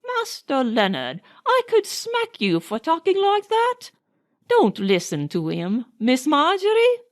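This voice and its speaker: A woman reading an audiobook voices a doting, scolding old nanny, high and wailing. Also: huge pitch swings, heavily acted. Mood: fond scolding. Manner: high, slow, wailing and coaxing.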